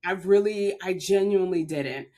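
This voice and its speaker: A woman's voice: fairly low pitch, normal speed, dark tone. A woman from Maryland, a podcast guest, telling a personal story in an earnest, heartfelt way with frequent filler words. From Maryland, USA.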